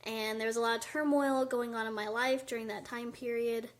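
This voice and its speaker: A woman chats candidly to her camera at home, her voice pitched a little high. She sounds slightly out of breath and fills her talk with casual "um"s. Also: fairly even intonation, fairly quick. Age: 20s. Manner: chatty, candid, many fillers. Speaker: vlogger. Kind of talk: casual talking-head vlog. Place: indoors by a window at home.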